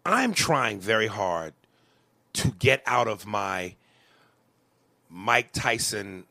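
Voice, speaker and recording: A man's voice: fairly low pitch, sing-song, extremely slow, vocal fry, pauses often, bright, forceful tone, no room sound. A man, a comedian hosting a podcast, venting in a heated, profane way during a conversation.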